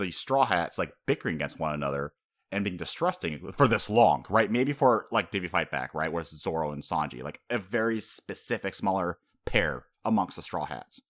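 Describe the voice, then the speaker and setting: A man casually reviewing an animated film, rambling and animated, with many "like" fillers. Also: fairly low pitch. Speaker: podcast host reviewing an anime film.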